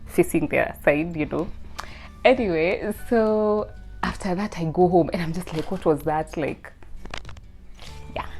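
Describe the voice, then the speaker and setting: A young woman, casually telling her personal faith testimony in a chatty, lively way. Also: lowish voice. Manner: chatty, lots of "like", lively, rising to loud excited bursts. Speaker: student sharing her testimony.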